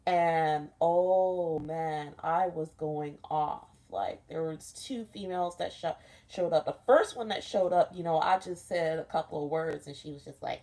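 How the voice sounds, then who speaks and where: Her voice low-pitched and dark, a young woman speaks a little slowly as she describes a dream for her vlog. The story wanders, she curses frequently and leans heavily on "like."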